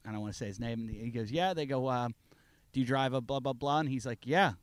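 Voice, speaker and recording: A man in casual podcast chat, telling stories and acting out the people in them with big swings in loudness. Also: medium pitch, fast talker, no echo. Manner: animated, acts out quotes with swings in volume.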